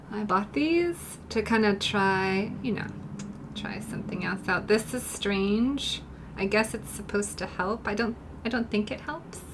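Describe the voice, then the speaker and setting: Slow soft-spoken woman painting on a live stream, chatting to viewers, faint room hum. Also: medium pitch. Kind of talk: casual live-stream chat while painting. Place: home art studio.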